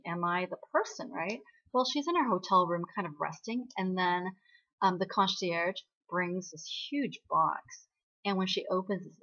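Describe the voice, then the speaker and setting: A woman's voice: mid-range voice, a bit bright. A woman casually recapping a drama episode in a chatty way, often checking in with "right?". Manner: chatty, ends points with "right?". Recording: dull lo-fi recording.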